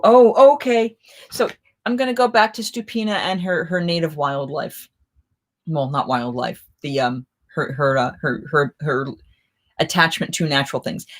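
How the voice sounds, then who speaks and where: A middle-aged woman hosting a casual live chat, telling stories in a rambling, chatty way with many restarts. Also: low-pitched. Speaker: live chat host, festival performer.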